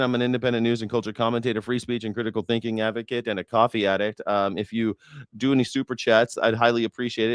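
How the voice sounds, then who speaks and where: A man's voice: mid-range voice, clean tone, dry recording, clean studio sound. A man doing casual livestream commentary, telling rambling, profane, jokey stories and acting out what people said. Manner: rambling, profane, jokey storytelling with acted-out quotes. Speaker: independent news and culture commentator.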